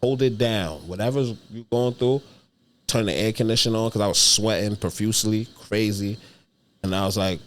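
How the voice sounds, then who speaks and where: A young adult man with a lowish voice talks at a normal speed, spinning a story as a comedian guest in a podcast studio. His delivery is casual, full of slang and profanity.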